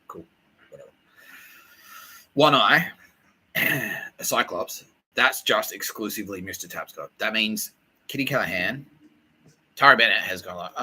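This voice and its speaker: A man hosting a podcast, riffing in a profane, excitable, repetitive comedic monologue. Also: on the low side, fairly quick, long pauses, slight background noise, low-quality recording. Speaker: podcast host.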